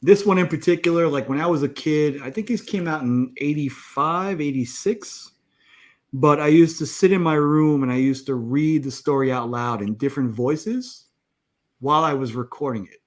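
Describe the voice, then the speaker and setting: A man's voice: fairly high pitch, normal speed. A man in his forties hosting a casual panel chat, easygoing and self-deprecating. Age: 40s. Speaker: host.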